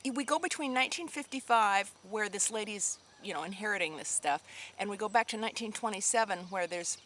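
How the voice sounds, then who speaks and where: Subdued, bright-voiced woman vlogger. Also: medium pitch, brisk, slight background noise. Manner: rambling, emotional, with sighs and restarts. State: sad, subdued. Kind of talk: casual chat to camera.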